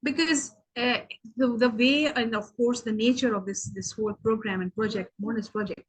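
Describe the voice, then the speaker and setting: A woman's voice: on the high side, steady tone, moderate pace, slightly rough, rough recording. A woman whose first language is Urdu, talking earnestly in a casual video meeting and rambling with many "okay" fillers. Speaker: meeting participant.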